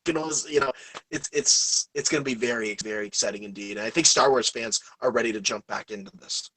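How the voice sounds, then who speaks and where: An American man co-hosting a casual podcast, talking in an excitable, rambling way and plugging the show. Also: fairly low pitch, quick pace, no echo, rough recording. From United States. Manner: excitable, rambling, promo-heavy. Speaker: podcast co-host.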